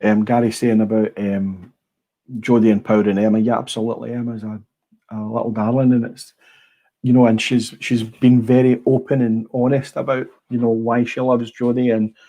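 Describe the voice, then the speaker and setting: Gravelly scottish guy on a livestream, husky dark voice, blunt, swears a lot, rambles. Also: medium pitch, level tone, normal speed. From Scotland. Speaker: livestream host. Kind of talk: casual livestream chat. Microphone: small clip-on mic.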